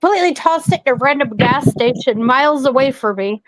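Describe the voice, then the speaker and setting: A woman in casual chat, animated and incredulous, speaking in quick asides. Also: high voice, no echo, poor audio.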